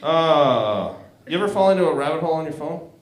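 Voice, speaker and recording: Brief: forties male stand-up from Canada, fairly high voice, crude and self-deprecating, roomy club echo. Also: lively intonation, a little fast. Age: 40s. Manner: crude, self-mocking, laughs at own jokes. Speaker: stand-up comedian. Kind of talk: stand-up comedy set. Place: comedy club stage.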